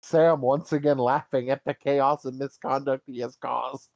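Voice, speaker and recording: A man's voice: mid-range voice, steady tone, moderate pace, gravelly, dry recording, lo-fi sound. A man co-hosting a gaming podcast in casual chat, teasing his co-host and sharing news. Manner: teasing, laughs often, shares news.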